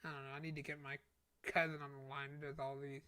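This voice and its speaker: A man's voice: on the high side, level tone, fast talker, a crowd in the background. A man co-hosting a casual podcast chat, teasing his friend and laughing often. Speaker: podcast co-host.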